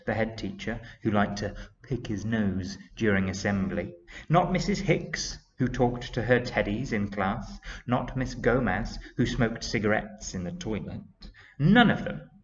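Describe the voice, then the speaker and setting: A man reading a children's story aloud to young pupils, slow and expressive, on a dull lo-fi recording. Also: fairly low pitch, slight background noise. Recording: dull lo-fi sound.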